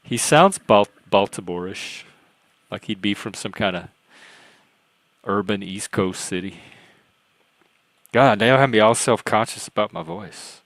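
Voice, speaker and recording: A man with a Southern US accent that blends Louisiana, Cajun and Texas sounds, chatting loosely on his own livestream. His voice sits fairly low, and he rambles and pokes fun at himself. The sound is dry and close, with no room echo. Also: animated, unhurried, vocal fry, pauses often, fairly bright tone. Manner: rambling, self-deprecating, chatty. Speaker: livestream host. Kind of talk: casual livestream chat.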